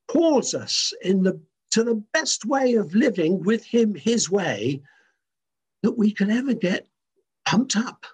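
A man preaching a sermon in an animated, emphatic way, often restarting his words. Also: high voice, slightly rough.

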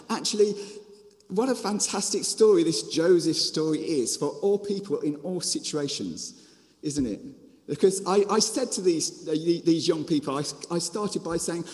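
A man with a Birmingham accent and a fairly high voice preaches a storytelling sermon. He tells the story in a lively way, with restarts and asides along the way. His voice rings out with the long reverb of a large hall. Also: normal speed. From Birmingham, England. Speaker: preacher and children's ministry author.

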